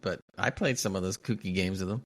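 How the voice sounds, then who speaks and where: An older man co-hosting a gaming podcast in casual chat, reflective and measured with brief restarts. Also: low-pitched. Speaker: podcast co-host.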